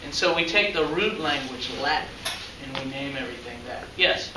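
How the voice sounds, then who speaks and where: A man's voice: mid-range voice, lively intonation, moderate pace. A man giving a classroom lecture as a biology teacher, chatty and often asking the class questions. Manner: conversational, asks the class questions. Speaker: high school biology teacher. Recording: echoey classroom from far off, faint noise.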